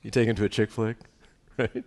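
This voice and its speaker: A man, a pastor, preaching a sermon in a lively, conversational way, often checking in with the congregation. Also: lowish voice, normal speed, gravelly, in a large hall. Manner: lively, conversational preaching with frequent "right?" asides.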